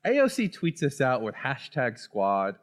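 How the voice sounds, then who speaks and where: A man's voice: medium pitch, huge pitch swings, a little slow. A man co-hosting a casual political podcast, talking animatedly and laughing often. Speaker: podcast co-host.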